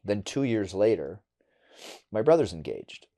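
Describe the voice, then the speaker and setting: A middle-aged man from Wisconsin, a podcast guest telling a personal story candidly and bluntly, going quiet and halting on hard memories. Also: on the low side, big pitch swings. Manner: candid and blunt, with casual swearing.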